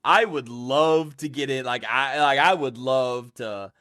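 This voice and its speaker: A man's voice: mid-range voice, measured pace, pushed and bright, no room sound, clean studio sound. A man with a Southern accent hosting a casual podcast, talking loosely with lots of laughs and folksy fillers. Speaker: podcast host.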